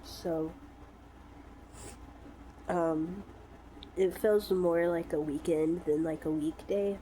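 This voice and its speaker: A woman with a stuffy, congested voice from a cold, talking through a casual vlog update from her bedroom, halting with frequent ums. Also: on the low side, steady tone, warm tone, a little hiss or hum. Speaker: vlogger.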